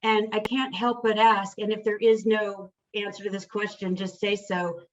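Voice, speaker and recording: Woman podcast host, gentle tentative questions, distant mic, dull sound with faint hiss. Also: medium pitch, level tone, moderate pace. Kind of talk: interview questions.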